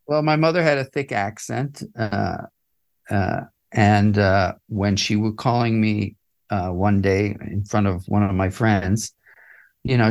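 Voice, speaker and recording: Gravelly older man telling stories. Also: on the low side, animated, a little slow. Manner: reflective, chuckling, many fillers and restarts. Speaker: interview guest, musician and author. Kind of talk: casual interview storytelling.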